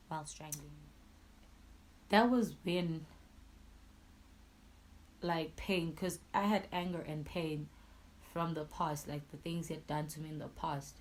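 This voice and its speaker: A young woman telling a painful personal story in a raw, emotional way, her voice swinging from hushed to loud. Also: on the low side, unhurried, long pauses, rough recording. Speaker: YouTuber.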